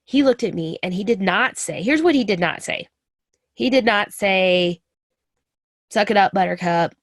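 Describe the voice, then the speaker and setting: A woman's voice: medium pitch, expressive, moderate pace, no room sound, studio quality. A woman in her thirties, a military spouse, talking earnestly and confidingly about her own experience to listeners she calls friends. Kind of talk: personal talk to camera.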